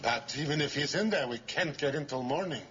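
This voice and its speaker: A man's voice: fairly high pitch, lively intonation, brisk, natural voice. An actor playing a deferential male henchman who hesitantly objects to his boss. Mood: doubtful. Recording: dull 1960s TV soundtrack with hiss.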